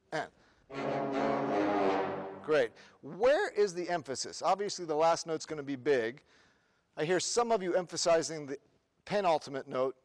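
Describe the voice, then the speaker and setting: Leading a band rehearsal in a large hall with long, ringing reverb, a clinician whose voice sits somewhat higher than typical for a man counts the players in and demonstrates with short sung rhythm syllables. Between run-throughs, he peppers the ensemble with quick questions.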